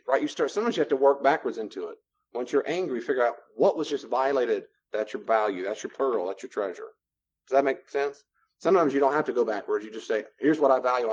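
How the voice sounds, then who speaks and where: A man teaching a class on boundaries, lecturing and acting out both sides of short dialogues in an animated way. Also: medium pitch, muffled recording. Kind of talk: classroom lecture with role-play examples.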